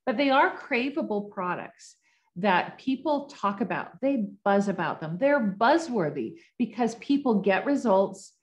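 A woman's voice: mid-range voice, lively intonation, unhurried, lo-fi sound. A woman co-hosting a sales talk on a video call, chatty and friendly with plenty of asides. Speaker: co-host presenter.

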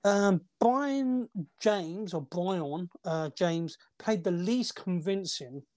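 A man's voice: sits high, lively intonation, drawn-out words, darkish tone. A man co-hosting a casual movie review chat, rambling through film trivia with restarts and fillers. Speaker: movie podcast co-host.

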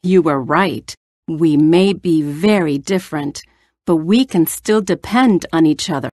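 Woman doing a proud lion king, lowered voice, slow, storybook, dry sound. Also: darkish tone, no room sound.

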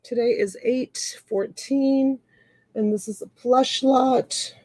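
A woman's voice: sits high, fairly even intonation, slow, darkish tone, dry recording. Chatty fifty-something woman running an auction. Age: 50s. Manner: chatty, reads out bids and greets viewers by name. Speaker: live auction host. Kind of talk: casual live-stream auctioneering. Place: home.

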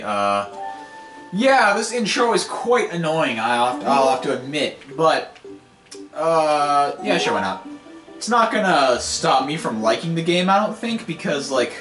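A man's voice: mid-range voice, sharp tone. A man giving casual, rambling gameplay commentary as a let's play host, impatient and wisecracking. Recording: echoey room, game music behind.

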